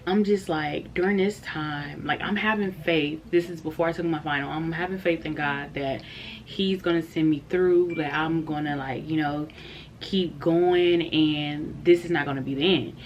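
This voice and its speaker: A woman's voice: low-pitched, fairly even intonation, moderate pace, highs cut off, a little hiss or hum. A young adult woman telling a candid, heartfelt story in a casual vlog, chatty and full of fillers. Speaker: vlogger.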